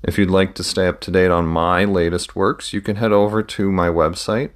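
An author reads his own novel aloud for a podcast, calm and steady throughout. His voice is very low and deep, and the reading stays plain and even. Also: moderate pace, hardly any pauses. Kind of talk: audiobook narration.

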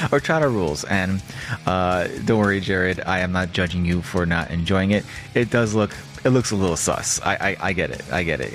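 A man hosting a podcast, talking in a rambling, chatty way with casual swearing. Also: low-pitched. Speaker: podcast host.

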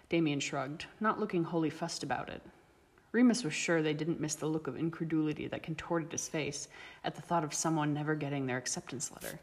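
A woman reading a story aloud as narrator, steady and even. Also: deep voice, brisk. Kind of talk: audiobook reading of fan fiction. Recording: long reverb.

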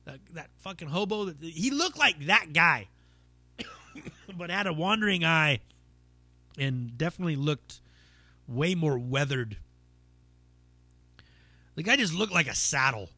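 A man's voice: a little high, big pitch swings, unhurried, long pauses, bright, forceful tone, no echo. A man hosting his own podcast, telling a stand-up story in casual, rambling talk full of swearing and fillers. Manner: rambling, profane, lots of fillers. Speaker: podcast host and stand-up comic.

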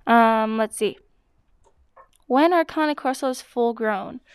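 Speaking slowly, a woman who blogs about dogs fields breed questions in a relaxed Q&A vlog, with plenty of hesitant fillers. Her voice is a little high, very clear and smooth, recorded dry without room echo.

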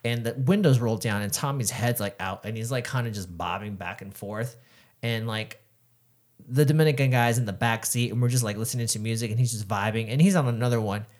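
A man's voice: mid-range voice, brisk. A young man co-hosting a podcast, telling rowdy stories in casual chat, swearing freely and acting out the people in them. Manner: profane, animated, acts out quoted voices. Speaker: podcast co-host.

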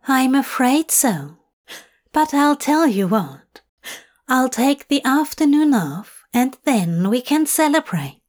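A woman voicing a prim, gentle man in a fan fiction audiobook reading, speaking sweetly and coaxingly. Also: high voice, sing-song, slow, heavily acted.

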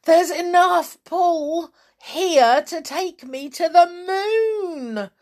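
A woman putting on a shrill, beastly old wife. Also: unhurried. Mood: eager. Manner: shrill, frantic crying out.

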